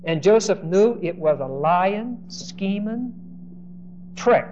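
A man preaching and teaching verse by verse, acting out the quoted speech of the people in the story with lively shifts, and often repeating words as he starts a line. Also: sits high, takes it slowly. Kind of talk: expository Bible teaching. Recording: dull lo-fi recording with faint hiss.

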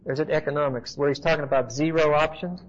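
Brief: male Bible teacher with a fairly high voice, chatty and emphatic, heard on a dull lo-fi tape. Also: steady tone, fast. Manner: conversational, emphatic, checks in with the class. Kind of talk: expository Bible teaching to a class. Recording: dull lo-fi recording with faint hiss.

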